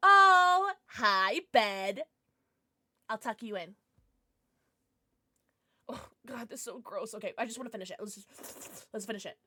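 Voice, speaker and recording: Gaming live from home, a young woman chats with her viewers, bubbly, animated, playful, and a bit tipsy, gasping and squealing whenever someone new follows. Her husky voice sits at a medium pitch and normal speed, and she pauses often. There is no room sound.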